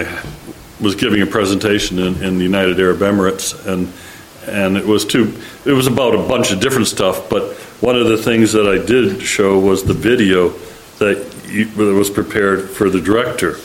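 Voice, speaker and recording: A man making casual remarks at a meeting, joking and restarting his sentences. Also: lowish voice. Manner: joking, chuckling, stammering restarts. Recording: echoey room with faint noise.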